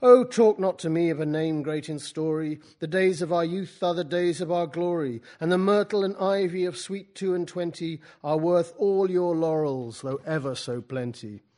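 A man's voice: fairly high pitch, normal speed, hardly any pauses, darkish tone, pitched above the performer's own voice, lightly acted. A man doing a flamboyant boastful lord. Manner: grand, declaiming, voice filling the room.

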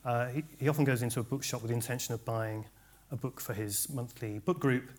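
A man giving a live reading of comic poems, introducing each with hesitant, rambling asides full of ums and restarts. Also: mid-range voice. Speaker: poet reading his work.

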